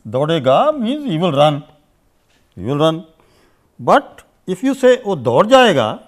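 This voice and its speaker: A language teacher from India, whose voice is on the high side, sing-song and brisk, delivers a grammar lesson off the cuff. He gives lengthy explanations dotted with "you see" and "uh" and repeats his examples in two languages.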